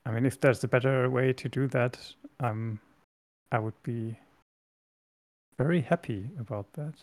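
A man's voice: medium pitch, unhurried, darkish tone, dry recording. Man on a dry, close mic. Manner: agreeable, reflective. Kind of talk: casual tech chat. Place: online voice call.

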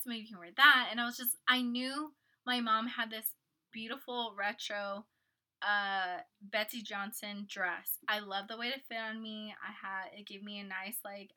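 Bright-voiced young woman telling a story. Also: medium pitch, measured pace. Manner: animated storytelling, acts out quotes, laughs often. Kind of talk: casual chat.

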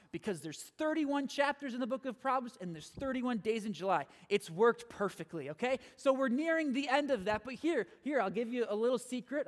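Male pastor with a very high voice, preaching energetically in a church hall with long reverb. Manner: energetic, repeats phrases, checks in with "okay?". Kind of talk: sermon.

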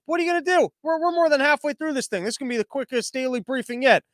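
A man's voice: very high voice, animated, racing, fairly bright tone, dry recording, studio quality. A man hosting a podcast, giving casual, sarcastic commentary on the news in a rambling, mocking way. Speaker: podcast host.

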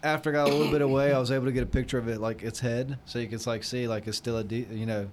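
A man telling a story in a casual chat, rambling and animated, full of fillers. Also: mid-range voice, racing, slight background noise. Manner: rambling, animated retelling with lots of "like" and quoted voices.

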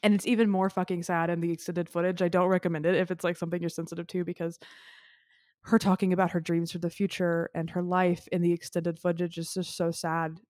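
Teary woman podcast host, sniffly, kinda low voice, rambling and earnest, dry close sound. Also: flat delivery, quick pace, darkish tone, no room sound. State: tearful, crying. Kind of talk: emotional film discussion.

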